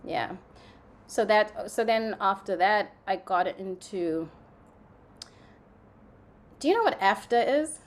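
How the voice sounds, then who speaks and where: A young woman from Zimbabwe talks through her path as a guest in a relaxed interview. Her pitch sits in the middle of the range, and her telling is chatty and animated, with "like" sprinkled all through it. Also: slow, pauses often. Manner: chatty, animated storytelling with frequent "like" fillers. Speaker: guest, playwright and actress. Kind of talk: casual conversational interview.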